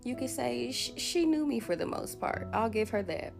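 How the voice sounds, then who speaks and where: A woman's voice: on the high side, animated, normal speed, vocal fry, over music. A woman telling an earnest, reflective story to camera.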